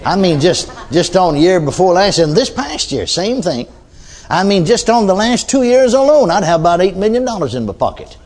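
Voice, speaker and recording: A man's voice: high voice, very animated, moderate pace, darkish tone. An older man preaching a sermon in a folksy storytelling way, often adding amens and hallelujahs.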